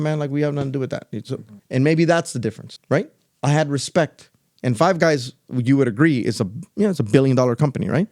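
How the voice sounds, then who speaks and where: A man's voice: mid-range voice, fast talker. A middle-aged man and podcast co-host telling a story in casual chat, acting out other people's lines as he goes. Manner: animated, loose storyteller who acts out other people's lines.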